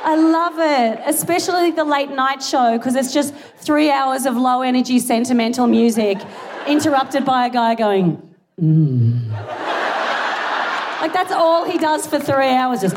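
Crowd noise and laughter surround this live theatre recording of a young Australian comic on stage with a stage mic. Her voice is high-pitched and moderately paced, her set giggly, rambling, profane and self-deprecating.

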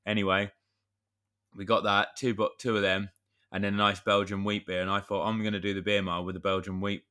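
A man's voice: on the low side, flat delivery, brisk, bright, forceful tone, smooth. A man, co-hosting a podcast and telling a rambling story in casual chat. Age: 30s. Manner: rambling storyteller, chatty with mild swearing. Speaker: podcast co-host.

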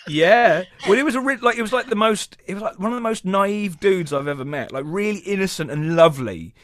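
A man, a comedy podcast guest, telling an animated, chatty story and laughing as he talks. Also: high-pitched, a little fast.

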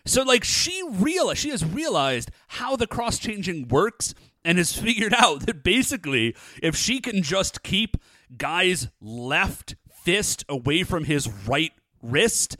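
A man's voice: high-pitched, takes it slowly, dry recording, clean studio sound. A man co-hosting a podcast, chatting casually as he recaps a TV episode with lots of "like" and "uh". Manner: animated, chatty, lots of fillers. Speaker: podcast co-host.

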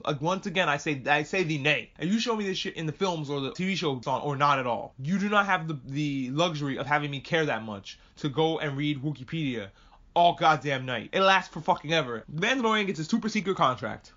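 A man rants his way through a show recap at a brisk clip, cursing casually and wandering into tangents. His voice sits a little on the high side. The recording sounds muffled and lo-fi. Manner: profane, animated, jumps between tangents. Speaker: podcast host.

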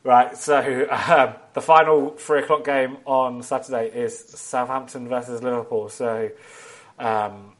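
A bantering man hosts a relaxed football podcast, teasing his co-hosts and breaking into laughter as he talks. His voice sits at an ordinary middle pitch, and his delivery stays loose and chatty. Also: unhurried. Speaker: podcast host. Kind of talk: casual football podcast chat.

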